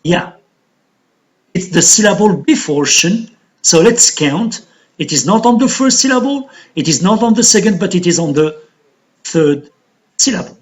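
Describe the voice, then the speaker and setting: A man teaching an English lesson on word stress, explaining slowly and counting syllables aloud. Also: sits high, expressive. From Algeria.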